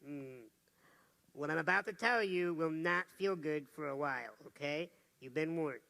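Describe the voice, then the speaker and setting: A man's voice: fairly high pitch, moderate pace, vocal fry, sharp tone. A man giving a motivational talk to a live audience, telling stories and putting questions to the crowd. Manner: storytelling, asks the audience questions. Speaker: motivational speaker.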